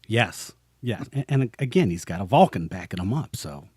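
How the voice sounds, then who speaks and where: A man's voice: fairly low pitch, big pitch swings, moderate pace, a little mellow, breathy edge, dry recording, clean studio sound. A man co-hosting a podcast, chatting casually and enthusiastically, acting out quotes. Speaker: podcast co-host. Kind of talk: casual chat.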